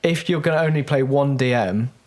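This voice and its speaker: A man's voice: medium pitch, fairly quick. An English man co-hosting a football podcast, talking casually and decisively, reading out lists. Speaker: podcast co-host. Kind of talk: casual chat.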